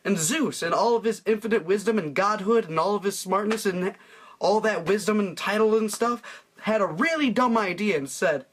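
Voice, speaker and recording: A man's voice: sits high, moderate pace, a bit bright. A young man retelling a myth as crude comedy, rambling and profane, laughing as he goes. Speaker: storyteller.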